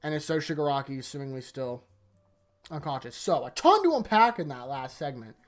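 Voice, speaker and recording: A YouTuber giving a casual, rambling manga chapter review late at night, tired, leaning on "like" a lot and often trailing off into a quieter voice. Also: mid-range voice, big pitch swings, brisk. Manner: rambling, heavy use of "like", sentences often trailing off softer. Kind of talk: casual video commentary.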